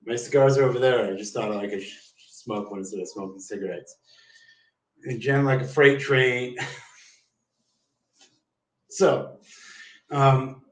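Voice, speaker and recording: A man livestreaming, telling rambling stories in a casual, profane, slangy way and saying "dude" a lot. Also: mid-range voice. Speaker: live streamer. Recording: roomy, distant mic.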